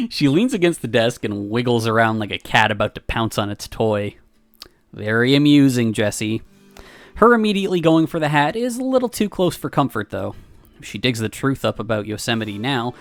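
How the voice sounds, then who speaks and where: A man streamer reading a visual novel aloud with wry, animated storytelling. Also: medium pitch, dry recording.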